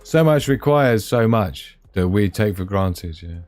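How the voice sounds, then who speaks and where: Chatty man, low voice. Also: expressive, unhurried, darkish tone, faint music behind. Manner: rambling, chatty, talks to viewers. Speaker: livestream host. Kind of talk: casual live-stream chat.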